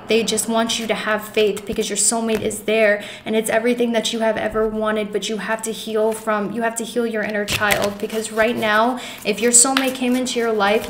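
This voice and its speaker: A woman's voice: on the high side, slight background noise. Earnest tarot-reading woman in an echoey room. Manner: earnest, emotional, reassuring; many fillers and restarts, addresses viewers as guys. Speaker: tarot reader. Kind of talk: pick-a-card tarot reading.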